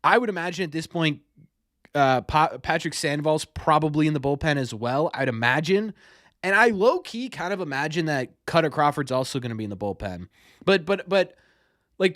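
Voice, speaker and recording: Rambling, higher-pitched young man on a live stream. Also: a bit bright, no echo, clean studio sound. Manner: rambling, stumbles and repeats words. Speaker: sports podcast host. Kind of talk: casual live-stream chat answering viewers.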